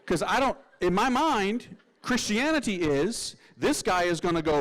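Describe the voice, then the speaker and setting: Lively, slangy male priest telling a story. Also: high-pitched, moderate pace, few pauses, rough recording. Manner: lively, slangy, acts out voices. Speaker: Catholic priest. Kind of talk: humorous storytelling testimony.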